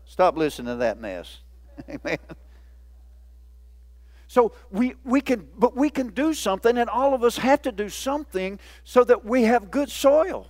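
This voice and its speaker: A man's voice: high-pitched, sing-song, measured pace, darkish tone, no echo. A man in his fifties preaching a folksy, playful sermon in a church, often laughing. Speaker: pastor.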